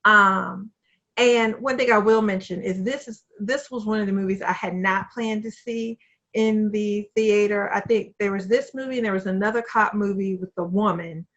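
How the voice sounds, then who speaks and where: A woman's voice: mid-range voice, a bit bright, muffled recording. A woman co-hosting a podcast, chatting casually about a movie and laughing easily over a video call. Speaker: podcast co-host. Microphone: home computer mic on a video call.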